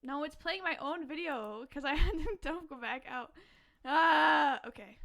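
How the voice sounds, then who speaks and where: A woman's voice: high voice, unhurried, creaky, a bit bright. A young woman streaming live, chatting casually with her audience, giggling often and answering chat in a playful, swearing way. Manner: giggly, laughs often between lines.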